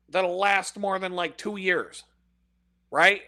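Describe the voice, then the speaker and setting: A man's voice: high-pitched, steady tone, takes it slowly, sharp tone, dry recording. A man ranting in a casual, profane monologue, cursing constantly and laughing at his own jokes. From United States. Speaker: podcast host.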